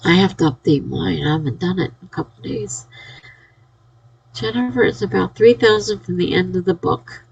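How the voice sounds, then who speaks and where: A woman's voice: on the low side, normal speed, creaky, a little mellow, slightly rough, lo-fi sound. A sleepy, yawning woman chatting casually on a live stream, reading out and cheering viewers' chat messages. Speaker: livestreamer.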